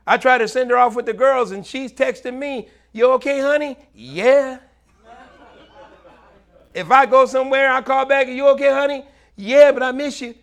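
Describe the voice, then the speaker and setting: A middle-aged man preaching a sermon as pastor, animated, swinging between loud highs and quiet low murmurs. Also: normal speed, vocal fry.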